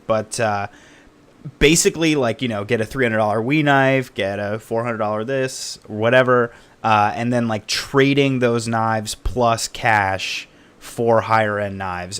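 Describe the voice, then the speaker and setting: A man talks as a podcast guest, rambling through his story with lots of fillers. His voice is low, smooth and resonant. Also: fairly bright tone. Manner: rambling, many fillers and restarts. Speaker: podcast guest, knife collector. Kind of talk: casual podcast interview.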